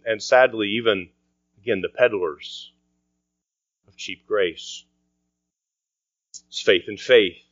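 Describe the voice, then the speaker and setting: A man preaching a sermon as pastor, earnest, often dropping to a quiet voice for emphasis. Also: fairly low pitch, no room sound. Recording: dry, dull lo-fi sound.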